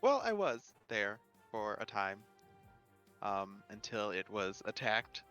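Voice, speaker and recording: Player: a hesitant man with a bright, low voice on a dull mic. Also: very animated, faint music behind. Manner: hesitant, halting. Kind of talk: in-character roleplay.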